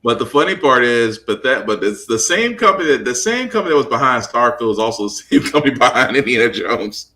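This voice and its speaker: A man hosting a casual gaming podcast, animated and quick to jump in with his own take. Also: medium pitch. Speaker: podcast host.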